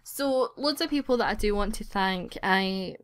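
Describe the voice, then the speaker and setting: Female vlogger, casual home chat, smooth tone, dry close sound, grateful and rambling. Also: mid-range voice, animated, moderate pace, no echo. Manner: gushing and grateful, rambling with restarts. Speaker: YouTube gaming channel host. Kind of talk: casual chatty vlog.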